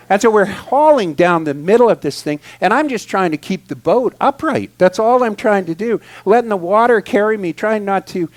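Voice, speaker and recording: A high-pitched guest speaker at a spiritual center tells a humorous personal story. He's animated and expressive, shifting from loud excitement to quiet asides.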